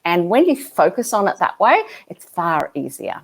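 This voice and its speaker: Woman, author guest on a video call, animated and outspoken, lowish voice. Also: normal speed, vocal fry, husky. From Australia. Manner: emphatic, animated, frank. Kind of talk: conversational interview.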